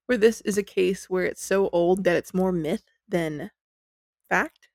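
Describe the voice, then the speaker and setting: A woman's voice: lowish voice, measured pace, darkish tone, no room sound. A woman hosting a podcast, telling a story in a chatty, giggly, self-deprecating way into a close mic. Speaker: podcast host.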